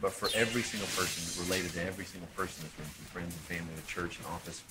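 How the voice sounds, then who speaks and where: Man, spoken prayer, fervent, rapid delivery, music underneath. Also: low voice, low-quality recording. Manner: fervent, fast-flowing. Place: event hall with audience.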